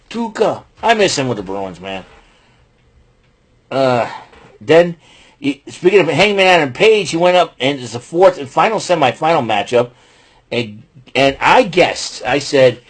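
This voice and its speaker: Husky, animated man recapping wrestling. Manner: rambling, laughs at own jokes, mimics wrestlers in high voices. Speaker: podcast host.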